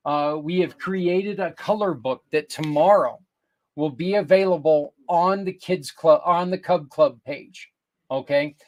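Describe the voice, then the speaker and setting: Earnest rambling older man, higher voice. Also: a little slow. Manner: earnest, rambling, with self-corrections. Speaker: podcast host. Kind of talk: casual promotional talk.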